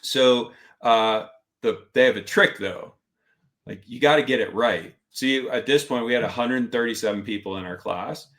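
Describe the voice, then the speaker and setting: A man's voice: medium pitch, moderate pace. A middle-aged man telling a story in casual conversation as a podcast guest, animatedly acting out the voices of others. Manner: animated, acts out instructors' lines in quotes.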